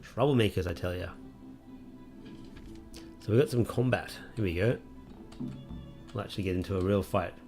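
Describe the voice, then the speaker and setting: A very low-pitched man talks through a game as he plays, in a wry, easygoing way. His chat is loose and full of fillers. A little music sits faintly underneath. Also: normal speed, creaky, pauses often. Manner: wry, relaxed and chatty with frequent fillers. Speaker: let's play host. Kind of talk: casual gameplay commentary.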